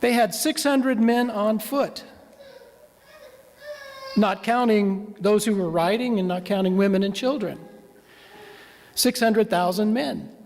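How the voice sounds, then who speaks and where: A male minister preaches a sermon with a map, telling a story conversationally and putting questions to the congregation. His voice sits high with a darkish tone, and he speaks slowly with frequent pauses. The long reverb of the church hall where he speaks fills the recording.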